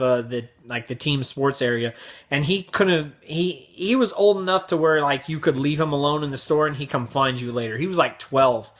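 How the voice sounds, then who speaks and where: A man's voice: mid-range voice, fairly bright tone. A young man hosting his vlog, telling crude, exaggerated stories in a brash comedic rant. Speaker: vlog host.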